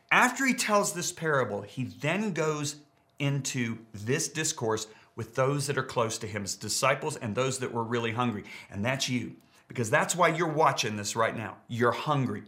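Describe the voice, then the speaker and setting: Middle-aged preacher guy, bright clear voice, hammers words by repeating them. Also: mid-range voice. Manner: emphatic, repeats key words for stress. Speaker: pastor. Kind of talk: sermon.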